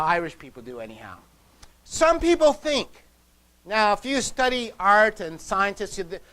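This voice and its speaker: A man preaching a sermon in a conversational way. He keeps checking in with the congregation and drops to a soft voice on key words. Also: poor audio. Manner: pitch and loudness swing widely, drops soft on key words. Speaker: pastor.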